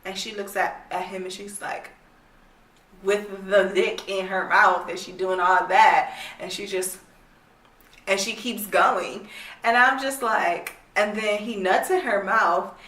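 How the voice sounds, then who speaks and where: A woman's voice: mid-range voice, steady tone, takes it slowly, a bit bright. A young woman ranting bluntly about a book she hates, exasperated and swearing freely. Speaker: book reviewer. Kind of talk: casual rant review. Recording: echoey room, distant mic.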